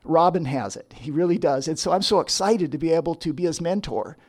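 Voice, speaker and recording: A man's voice: on the high side, brisk, darkish tone. A middle-aged man, a counselor, telling a personal testimony story with frequent restarts. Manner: storytelling, acts out quotes, self-interrupting restarts. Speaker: licensed professional counselor.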